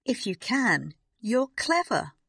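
A woman voicing a stern, strict headmistress who speaks sharply and shouts in a storybook reading. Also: mid-range voice, wildly swooping pitch, normal speed, no room sound, studio quality.

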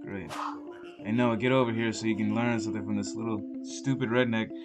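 A man's voice: on the low side, steady tone, fairly quick, natural voice. A man voicing a rude, hot-tempered film director in a video game, barking his lines with game music behind. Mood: scornful. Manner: barking, brash and insulting.

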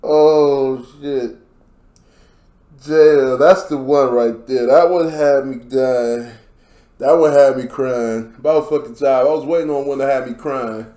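A man's voice: medium pitch, fairly even intonation, takes it slowly, pauses often, warm tone, reverberant. A man reacting to comedy skits, laughing hard and swearing in casual slang. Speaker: reaction video host.

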